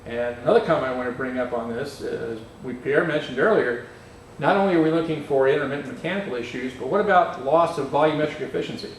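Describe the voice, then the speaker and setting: A man's voice: mid-range voice, fast talker. A man hosting a technical webcast, chatting conversationally and explaining things with practical examples from a repair shop. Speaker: webcast host. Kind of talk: casual technical discussion. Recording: echoey shop, distant mic, faint noise.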